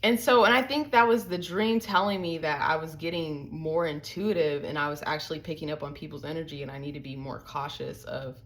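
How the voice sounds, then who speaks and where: A young woman, chatting casually to her viewers and telling stories in an animated way. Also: rough recording. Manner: chatty, animated storytelling with sudden pitch jumps. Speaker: vlogger. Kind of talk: casual chat to camera.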